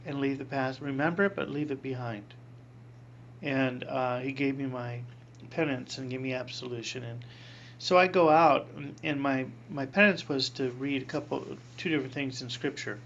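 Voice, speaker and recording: A man in his sixties, a priest, telling a personal story in an interview, animated, acting out voices and laughing often. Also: mid-range voice, normal speed, muffled recording, a little hiss or hum.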